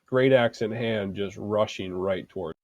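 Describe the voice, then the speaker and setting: Guy dm narrating the fight, mellow dark voice, dry close sound, lots of uhs. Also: fairly low pitch, dry recording, dull audio. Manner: halting, full of fillers while describing. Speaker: dungeon master. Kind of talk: narrating a tabletop game.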